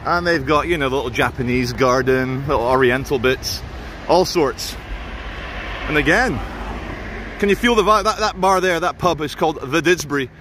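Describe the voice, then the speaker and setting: A man narrates as he walks suburban streets with a handheld camera, chatty, opinionated and quick with sarcasm. His voice sits a little high for a man. Faint traffic and street noise run underneath. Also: fairly bright tone. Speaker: vlogger filming a walk. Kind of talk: walking vlog narration.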